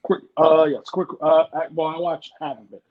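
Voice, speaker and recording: Podcast co-host: man, high and animated, lo-fi dull mic, jokey. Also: normal speed. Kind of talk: casual wrestling chat.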